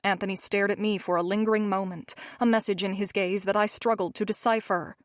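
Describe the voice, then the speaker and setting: Woman narrating a dark romance novel. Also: medium pitch, fairly even intonation, no room sound, studio quality. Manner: measured first-person storytelling. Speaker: audiobook narrator.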